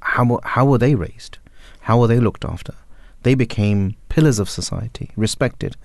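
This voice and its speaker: A man on a discussion panel speaking in a reflective, philosophical and measured way. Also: medium pitch, vocal fry, no room sound. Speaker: panel guest.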